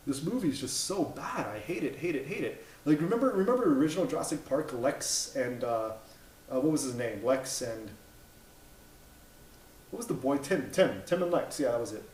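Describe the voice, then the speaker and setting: A man in his thirties tears into a film in a blunt, exasperated rant, tripping over his words and swearing as he goes. His voice sits at an ordinary middle pitch, and the room around him rings with echo. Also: darkish tone, slight background noise. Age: 30s. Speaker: movie reviewer. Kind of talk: opinionated movie review rant. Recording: echoey room.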